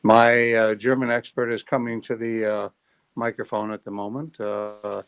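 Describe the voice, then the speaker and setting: Unsure man at a club meeting, resonant voice, pausing often. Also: fairly low pitch, little pitch movement, vocal fry, smooth, dry recording, highs cut off. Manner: hesitant, apologetic. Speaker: meeting participant. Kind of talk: casual chat.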